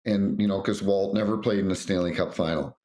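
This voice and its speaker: A man's voice: low-pitched, fairly quick. A middle-aged man, a retired referee, telling anecdotes on a podcast and acting out quotes with frequent restarts. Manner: animated storyteller, acts out quotes, frequent restarts. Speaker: retired hockey referee guest.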